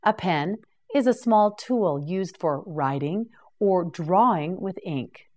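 A woman teaching English vocabulary to beginners, who says each word slowly and repeats it, with brief praise like "correct" and "well done". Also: lowish voice, lively intonation, a little mellow. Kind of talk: slow, clear vocabulary drill for beginners.

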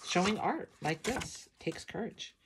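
A middle-aged woman with a sleepy morning voice, chatting softly and emotionally as she flips through her art journal, with many ums. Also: fairly low pitch, lively intonation, unhurried, background noise. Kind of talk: casual flip-through chat.

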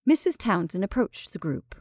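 Calm woman reading a story. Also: mid-range voice, moderate pace, no room sound, studio quality. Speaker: story reader. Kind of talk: storytelling narration.

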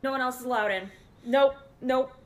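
Young-sounding woman, high voice, theatrical skit delivery, quick persona switches. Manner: theatrical, snappy lines, switching between personas. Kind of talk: acted short-video skit.

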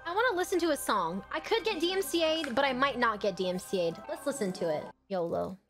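A young adult woman chatting casually and excitably while commentating her own gameplay, quick to laugh and to yell at the screen. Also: high voice, music in the background. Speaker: gaming streamer.

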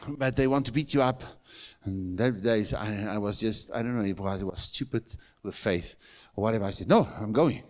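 A middle-aged pastor with a South African accent preaches a sermon in church, telling stories punctuated by emphatic, rising calls. His voice is fairly low and darkish, and he speaks at a moderate pace.

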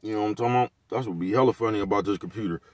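A vlogger with a lowish voice rants casually to camera in loose, repetitive commentary, laid-back and racing along, full of slang and profanity. The recording is dry and close, with no room sound or echo.

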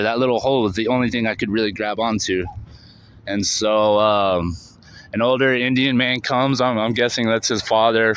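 A bright-voiced man in the mid range, filming on location by a canal near a street, recounts his recovery as a vlogger, rambling casually with plenty of "like," "man," and curse words. It's a rough recording.

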